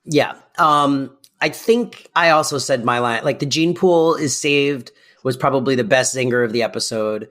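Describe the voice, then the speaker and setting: A man's voice: medium pitch, moderate pace, few pauses. A man co-hosting a podcast, chatting casually and wryly about a sitcom episode. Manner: relaxed, wry, reads notes aloud. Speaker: podcast co-host.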